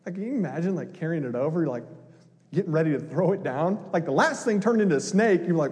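A man preaching a sermon, animated and conversational, acting out voices with humor. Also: high-pitched, fairly quick, big-room sound. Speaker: pastor.

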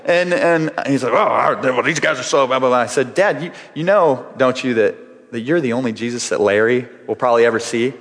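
A man's voice: mid-range voice, a little fast, a bit bright. Earnest man preaching in a hall. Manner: earnest, repeats words when building a point. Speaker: pastor. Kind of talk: sermon.

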